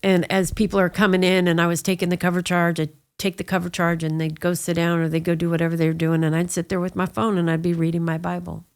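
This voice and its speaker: Gravelly, flat-voiced woman telling her testimony. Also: fairly low pitch, fast, hardly any pauses. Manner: storytelling, with frequent "you know" asides. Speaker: guest sharing her testimony. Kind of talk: conversational personal testimony.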